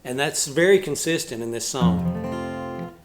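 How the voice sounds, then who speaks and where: A man's voice: mid-range voice, moderate pace, music in the background. A male musician and channel host talking casually about a song, thoughtful and explaining step by step with small restarts.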